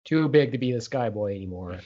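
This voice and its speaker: A man's voice: medium pitch, lively intonation, brisk, mellow. A middle-aged man hosting a podcast, teasing his co-hosts and hyping them up in casual chat. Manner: playful, teasing, hypes up the crew. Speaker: podcast host. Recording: dull lo-fi podcast audio.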